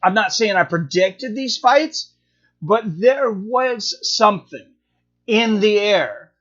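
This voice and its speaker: Man, high voice, live stream host, rambling casual chat, full of fillers and restarts, dull lo-fi audio. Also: lively intonation, slow, a bit bright. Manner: rambling, thinking aloud with many fillers and restarts.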